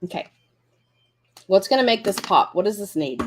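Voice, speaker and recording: A woman's voice: mid-range voice, sing-song, normal speed, a little hiss or hum. A woman hosting a live crafting lesson, chatting encouragingly and thinking aloud as she works. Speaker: craft class host.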